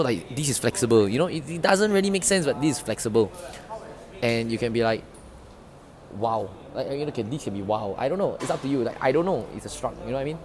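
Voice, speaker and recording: A man talks straight to camera as a sales trainer. His delivery is easygoing and loose, and he drops in "you know" and "lah" as he goes. His voice sits at an ordinary middle pitch. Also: a little mellow. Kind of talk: casual sales tips to camera.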